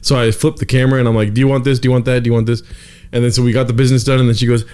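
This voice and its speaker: A man's voice: mid-range voice, flat delivery, rapid-fire, darkish tone, smooth. A young man hosting a podcast, telling a rambling story in loose casual chat, full of swearing and "dude". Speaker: podcast host.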